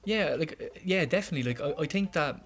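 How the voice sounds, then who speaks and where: A man's voice: a little high, expressive, quick pace, faint music behind. A young Irish man chatting casually while playing a video game with a friend. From Ireland. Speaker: let's-play host. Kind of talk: casual gameplay chat.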